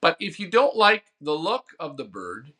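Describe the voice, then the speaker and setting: Bright-voiced man chatting casually. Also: fairly high pitch, wildly swooping pitch, normal speed. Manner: rambling storytelling, acts out phone bids; reads and answers viewer comments. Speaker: host of a pigeon racing show. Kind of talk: casual live-stream chat.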